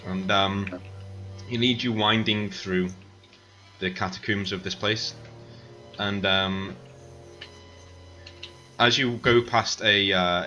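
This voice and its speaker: A man narrating a tabletop game as game master, halting with many fillers. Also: on the low side, bright, forceful tone.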